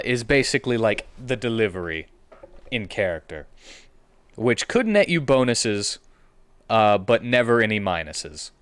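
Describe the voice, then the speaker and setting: A man narrating as game master of a comedic tabletop game, playful and animated. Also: medium pitch, clean tone, dry recording.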